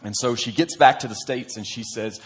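A man's voice: mid-range voice, fairly quick. A man, a church pastor, preaching a sermon in an earnest, conversational storytelling manner.

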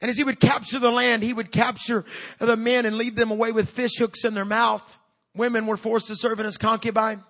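A pastor in his fifties delivers a lively sermon in a notably high voice. He preaches with energy and humor, and he pushes toward loud, rousing calls to his congregation. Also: a little fast.

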